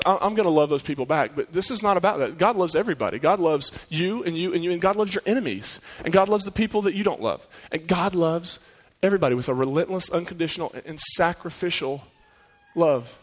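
This sermon comes from a male pastor whose voice sits slightly above the typical male range, and he speaks briskly yet earnestly, in a conversational way. Rhetorical questions aimed at the listeners keep coming, and long echoes suggest a big hall.

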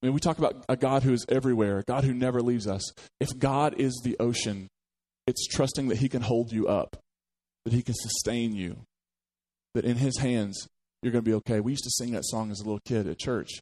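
A man's voice: mid-range voice, a little fast. Man preaching a story-driven sermon. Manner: storytelling, animated quotes, frequent restarts. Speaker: pastor.

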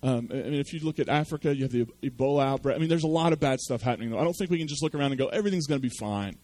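A man's voice: medium pitch, rapid-fire, darkish tone. A man preaching a sermon, telling a story with self-deprecating humor. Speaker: pastor.

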